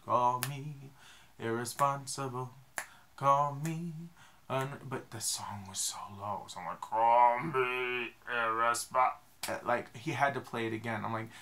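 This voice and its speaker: A young man vlogging, telling a rambling, self-deprecating story in a casual, animated way. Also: on the low side, gravelly.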